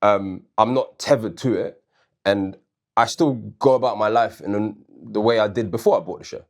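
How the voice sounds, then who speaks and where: A man's voice: on the low side, moderate pace, a little mellow. A man co-hosting a casual debate show, arguing his point earnestly and backing it with questions and personal stories. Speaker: co-host.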